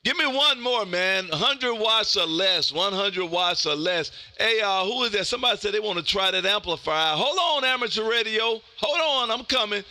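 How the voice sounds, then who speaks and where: A man hosting a ham radio stream, loud and folksy, calling out for contacts. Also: high-pitched, expressive, normal speed, few pauses. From Texas.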